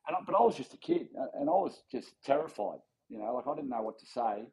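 A former rugby league player in his forties, with an Australian accent, tells a story as a guest on a casual podcast interview. His mid-range voice is creaky and fast, and the audio is poor. He acts out other people's lines and chuckles animatedly as he goes.

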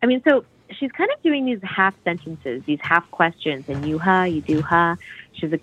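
A woman's voice: fairly low pitch, lively intonation, moderate pace, faint music behind. A woman on a podcast, chatting casually and enthusiastically about a song, full of restarts and fillers. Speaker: podcast co-host discussing a song. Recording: dull lo-fi podcast audio.

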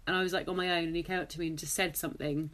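A young woman from England, hosting a casual podcast chat and telling lively anecdotes. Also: on the low side, racing. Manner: animated anecdotes with laughter. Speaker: podcast host.

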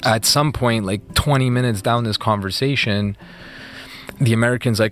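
A man being interviewed, retelling events in a fast, animated way with many fillers. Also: lowish voice, dry recording. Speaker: interview guest. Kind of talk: casual storytelling interview.

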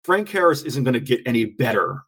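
Sports podcast co-host, male, slightly raspy, relaxed banter with stumbles. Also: medium pitch, fairly quick. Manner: loose and jokey, laughs often, trips over words. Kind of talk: casual sports podcast chat.

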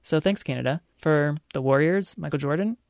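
A woman's voice: low-pitched, moderate pace, vocal fry, darkish tone, no echo, studio quality. A woman hosting a casual chat podcast, playfully telling facts like a story and laughing often. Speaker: podcast host.

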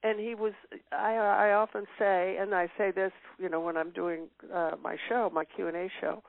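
A woman's voice: mid-range voice, level tone, normal speed, dry recording. Older woman reminiscing on a phone line. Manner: reminiscing, warm laughs, many fillers. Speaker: interview guest. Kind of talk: casual interview chat. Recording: tinny phone-line sound.

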